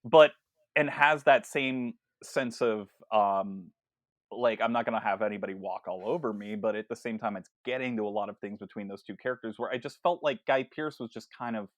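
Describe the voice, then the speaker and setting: A man co-hosting a casual film podcast, talking in an animated way with lots of stammered restarts and acted-out quotes. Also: mid-range voice, normal speed, no echo, studio quality. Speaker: podcast co-host.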